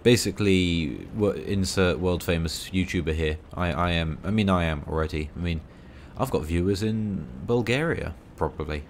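A man with a very low, deep voice talks over his gameplay in a loose, rambling way. He pokes fun at himself and throws in dry little asides as he plays. A faint hiss sits under his voice. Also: normal speed, few pauses. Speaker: gaming video creator.

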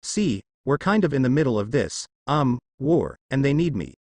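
A man's voice: medium pitch, big pitch swings, normal speed, darkish tone, no room sound. A man reading as a defiant young hunter. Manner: demanding, wry.

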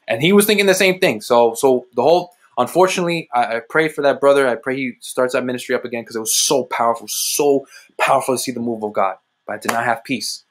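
A young adult man speaking on his own ministry livestream, talking through a personal faith testimony. He repeats phrases for emphasis and often jumps up in pitch, with a preacherly push to his delivery. His voice sits at an ordinary middle pitch for a man. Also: fast talker. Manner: emphatic, repetitive, preacherly with sudden rises in pitch. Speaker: ministry host giving testimony.

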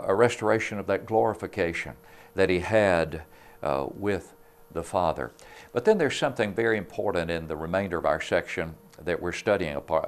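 A man giving a devotional Bible lesson on a religious TV program, speaking in an earnest, measured way. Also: low-pitched, clear, resonant tone. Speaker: preacher. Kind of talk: devotional sermon.

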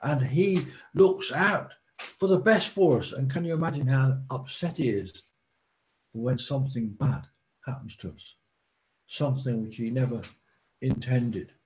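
A man preaching a sermon in a slow, deliberate way, pausing for emphasis. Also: medium pitch, darkish tone, poor audio.

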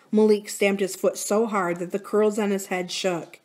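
A woman reads a children's adventure novel aloud for a library storytime. Her delivery is expressive and dramatic, at a middling pitch, slowing and softening for suspense.

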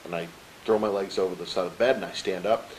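A man's voice: deep voice, quick pace, slight background noise, low-quality recording. A middle-aged man telling a personal story as an interview guest. He acts out the dialogue and keeps checking in with the listener. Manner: animated storyteller who acts out quoted dialogue; peppers his story with "right?" to the host. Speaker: interview guest, motivational speaker.

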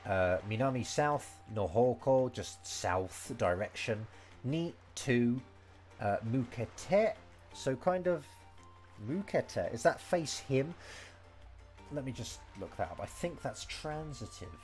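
A man's voice: medium pitch, animated, slow pace, a little mellow, soft background music. A man teaching Japanese vocabulary and grammar in a casual, rambling way, full of fillers and restarts. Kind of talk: casual game-based language lesson.

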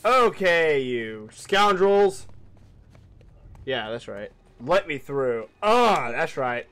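Excitable young man streaming a game. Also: a little high, slow. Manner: excitable, profane, talks back to the game. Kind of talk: casual gaming commentary.

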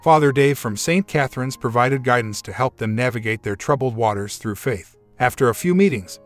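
A male storyteller giving a steady scripted narration of a relationship story. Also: medium pitch. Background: faint background music.

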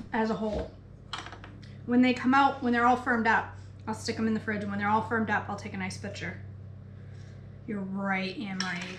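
A woman's voice: on the high side, fairly bright tone, echoey room, slight background noise. A woman with a Maine accent, a home cooking host chatting casually with her viewers by name. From Maine, United States. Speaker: cooking show host and health coach. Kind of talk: casual live cooking chat. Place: home kitchen.

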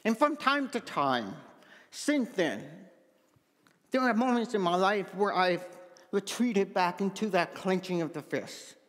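A man's voice: sits high, lively intonation, measured pace, a bit bright, big-room sound. A man from Manitoba who speaks with a deaf accent, giving an earnest personal testimony as pastor in a sermon. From Manitoba, Canada. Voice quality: deaf speech, hard-of-hearing accent. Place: church sanctuary.

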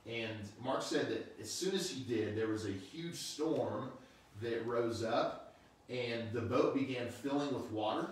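Relaxed man preaching in an echoey room. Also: medium pitch, slight background noise. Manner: relaxed, conversational, unhurried. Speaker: pastor. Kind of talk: casual online sermon. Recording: very echoey room, mic far off.

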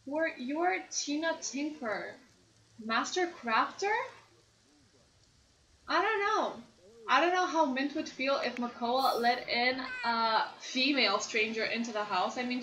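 Excitable high-voiced young woman gaming. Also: unhurried, dull audio, a little hiss or hum. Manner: chatty, excitable, gushing. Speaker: gameplay commentator. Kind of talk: casual let's-play commentary. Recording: roomy echo.

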